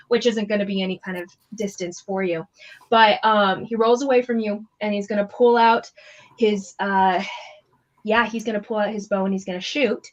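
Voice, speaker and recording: A woman narrating as game master in loose, chatty talk full of fillers. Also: medium pitch. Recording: slightly muffled lo-fi mic.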